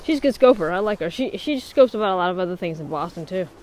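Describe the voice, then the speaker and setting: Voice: medium pitch, expressive, quick pace, a little mellow. A livestreamer chatting casually outdoors on a winter beach, laughing often and answering viewer comments. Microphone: mic worn while bundled in a hood. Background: wind noise.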